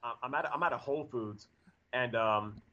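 A man's voice: medium pitch, normal speed, a crowd in the background. A man in his forties telling a story in a casual chat, rambling with lots of fillers and restarts. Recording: dull lo-fi audio.

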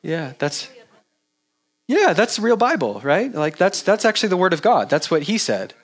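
Male pastor, relaxed conversational sermon, animated delivery, pitch a touch high. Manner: animated, jokey mimicry of repetitive prayer; halting, lots of "like" and restarts.

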